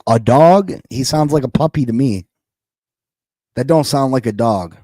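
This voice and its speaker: Male sports podcast host, mellow dark voice, dry close sound, heated and incredulous, repeats himself for emphasis. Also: medium pitch, lively intonation, a little slow, dry recording.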